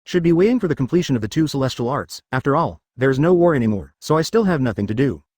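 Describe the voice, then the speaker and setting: A man voicing a blunt, easygoing young male ninja in a machine-read web novel audiobook, with a flat delivery. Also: mid-range voice, fast talker, no echo, studio quality, close to an everyday voice.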